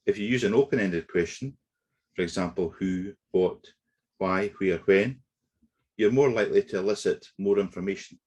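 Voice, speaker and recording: A man giving a webinar lecture on negotiation, explaining in a measured way with occasional fillers. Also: low-pitched, darkish tone, slightly rough. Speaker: negotiation trainer. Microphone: webinar computer mic.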